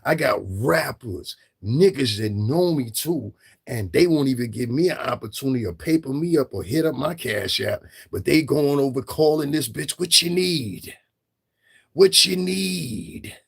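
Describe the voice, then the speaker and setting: A man's voice: mid-range voice, lively intonation, moderate pace, creaky, a little mellow, breathy edge. A middle-aged man hosting a livestream, ranting in a profane, confrontational way and repeating himself for emphasis. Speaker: livestream commentator. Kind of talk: livestream rant.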